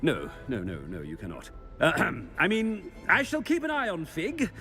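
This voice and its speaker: An actor playing a vain, pompous middle-aged headmaster who talks in a haughty, flustered way. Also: male voice, fairly high pitch, wildly swooping pitch, normal speed, music in the background.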